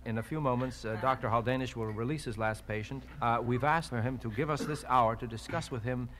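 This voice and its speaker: A man's voice: medium pitch, fairly quick, fairly bright tone, a little hiss or hum. A man acting as a mock interviewer, formal and polite but flustered. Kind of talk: comedy sketch.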